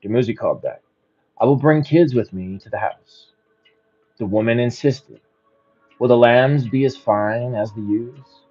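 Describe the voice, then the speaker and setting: Reading a bedtime story aloud, a man with a medium-pitched, somewhat dark voice goes slowly and pauses now and then for casual, musing remarks about it. The recording sounds muffled, with faint music in the background.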